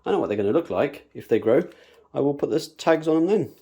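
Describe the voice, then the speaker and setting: A man's voice: fairly high pitch, animated, fast, mellow. A man casually talking viewers through a hands-on planting tutorial, chatty and humming little nonsense syllables as he works. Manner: chatty, talks to viewers while working, hums nonsense syllables. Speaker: bonsai planting demonstrator.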